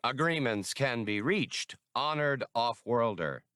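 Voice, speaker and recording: A man's voice: medium pitch, lively intonation, slow, pushed and bright, smooth, dry recording, studio quality, voice pushed up. A man doing Keek, a pompous alien police chief. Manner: pompous, forced heartiness.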